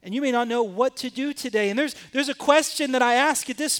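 A man preaching a sermon as pastor, moving between quiet, intense passages and rising, emphatic questions. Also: extremely high pitch, fairly quick, hardly any pauses, smooth.

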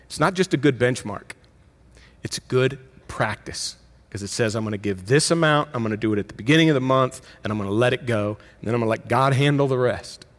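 A middle-aged man, a pastor, preaching a sermon in a conversational way, with emphatic rises and quick self-corrections. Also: mid-range voice, fairly bright tone.

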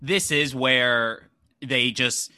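A man's voice: medium pitch, fairly even intonation, very slow, sharp tone, clear, resonant tone. A man co-hosting a casual movie talk, chiming in with short, eager reactions. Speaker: podcast co-host.

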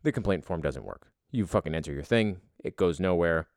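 A man's voice: sits low, expressive, fairly quick, dry recording, clean studio sound. A young man telling a story as a casual, exasperated rant, swearing heavily.

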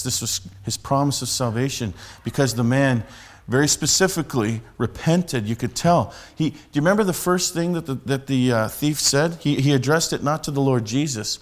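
A man's voice: mid-range voice, normal speed, hardly any pauses. Man preaching conversationally. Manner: conversational storytelling with frequent restarts. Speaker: street preacher. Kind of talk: sermon.

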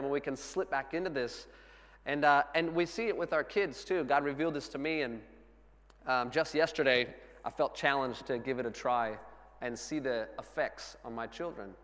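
A man in his thirties preaching a sermon, telling a family story with earnest warmth and laughing at himself now and then. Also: mid-range voice. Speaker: pastor. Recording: long hall reverb.

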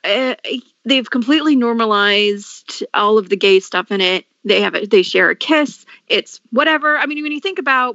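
Gravelly bright-voiced woman podcaster. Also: a little high, dry recording, muffled recording. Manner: halting, filler-heavy, frequent restarts. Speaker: podcast co-host. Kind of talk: casual chat.

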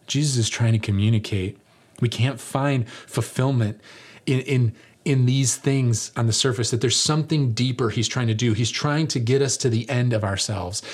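A man preaching a sermon as pastor, animated and jokey, acting out the lines he quotes. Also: mid-range voice, normal speed.

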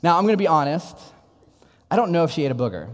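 A young man who is a pastor, giving a sermon in a relaxed, conversational style and telling stories from his own life. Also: a little high, fast talker, big-room sound. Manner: conversational storytelling preacher. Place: church.

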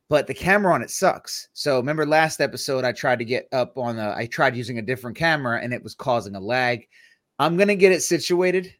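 A young man hosting a casual Christian podcast, joking and animated, with preachy asides. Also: mid-range voice, dry recording, studio quality. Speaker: podcast host. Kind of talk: casual chat.

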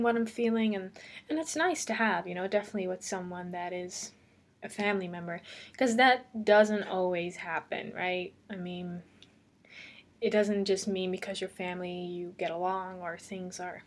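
A woman talks alone on her podcast in a loose, rambling way. She laughs between thoughts and keeps the talk casual. Her voice sits at an ordinary pitch for a woman. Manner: chatty, laughs often, rambling. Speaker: podcast host. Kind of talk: casual solo podcast chat. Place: lives alone in Amsterdam.

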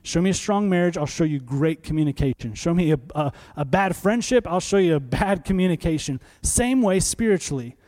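A man in his thirties preaching a sermon in an animated, conversational way, full of rhetorical questions. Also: on the high side, brisk, hardly any pauses. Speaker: pastor.

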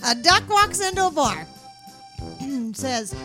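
High giggly woman telling jokes. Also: lively intonation, a little slow, over music. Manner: giggly, breaks into laughter. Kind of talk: casual chat, telling jokes.

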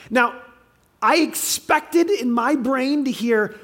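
A man teaching a conversational sermon, plain and direct, who often slips into quick voices for the people in his stories. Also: extremely high pitch. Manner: acts out quoted speakers in lively voices. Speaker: teacher on faith and parenting.

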